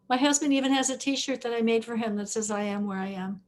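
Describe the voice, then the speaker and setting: A woman's voice: fairly high pitch, quick pace. A woman chatting in an online study group, telling a story with easy laughter over a video call. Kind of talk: casual sharing in an online group.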